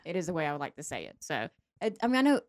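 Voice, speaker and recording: A woman's voice: deep voice, big pitch swings, very fast, dry recording, studio quality. A woman with a Southern American accent hosting a podcast, chatty and rambling, often breaking into giggles. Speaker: podcast host. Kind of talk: casual chat.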